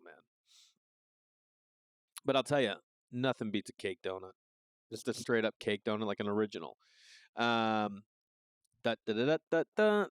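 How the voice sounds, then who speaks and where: A man's voice: fairly low pitch, no echo, clean studio sound. A man in his forties hosting a podcast, riffing loosely and profanely in a casual comedic monologue with asides. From Massachusetts. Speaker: podcast host.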